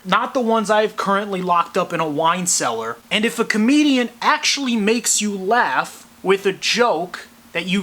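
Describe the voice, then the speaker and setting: A man doing a mocking impression of a smug, weepy male late-night host, delivered mock-sincere and deadpan. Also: sits high, full character voice.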